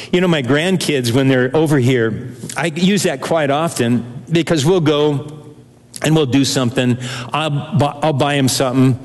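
A man's voice: a little high, a little slow. An older man, a pastor, giving an earnest expository sermon full of rhetorical questions. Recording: long church hall reverb.

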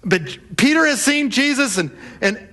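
A man preaching a sermon, telling the story in a lively way and acting out the voices of the people in it. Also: extremely high pitch, unhurried. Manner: animated storytelling, acts out voices of the disciples. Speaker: pastor.

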